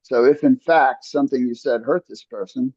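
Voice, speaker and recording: A man talks in an earnest coaching manner, restarting sentences and checking in with "right?". The sound is dry and close, a little dull in the highs. His pitch sits mid-range for a man. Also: moderate pace, darkish tone, dry recording. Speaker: podcast host. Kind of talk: casual podcast conversation.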